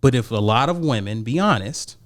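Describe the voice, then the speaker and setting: This podcast co-host, a middle-aged married man, has an expressive, fairly quick, slightly bright mid-range voice. He makes emphatic arguments in a casual debate and acts out the conversations he quotes.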